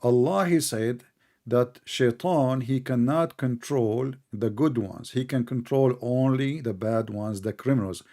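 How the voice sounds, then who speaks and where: Sarcastic, interrupting male debate host. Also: unhurried. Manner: mocking, sarcastic, keeps interrupting; bursts into loud, high-pitched outrage. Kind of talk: heated online religious debate.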